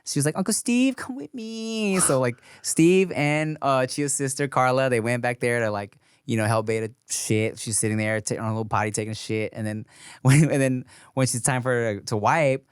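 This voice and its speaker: A man in his thirties hosts a podcast, rambling through profane anecdotes in an easy, casual way. His voice sits at a middling pitch and sounds close and dry, with no room around it. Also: fairly even intonation, smooth, no room sound. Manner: loose, profane storytelling with quick asides. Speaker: podcast host.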